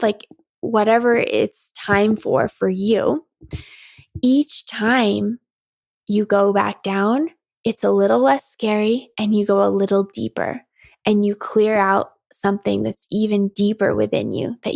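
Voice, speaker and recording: Gravelly-voiced woman podcast host, close and dry. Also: medium pitch, no room sound. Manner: earnest and animated, with frequent laughs and asides. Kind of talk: reflective solo podcast talk.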